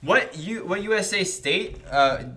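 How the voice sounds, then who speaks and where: A man's voice: lively intonation, unhurried, fairly bright tone. A young man from the United States with a standard American accent, chatting casually on a livestream and reading out donations. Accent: General American. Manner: upbeat, jumps in pitch when greeting chatters. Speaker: livestream host.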